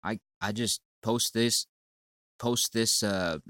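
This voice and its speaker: A man's voice: on the low side, slow, a bit bright, smooth, no room sound. A man with a sinus cold delivering a profane, rambling, stammering rant at a commenter on his channel. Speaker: channel owner. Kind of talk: ranting monologue.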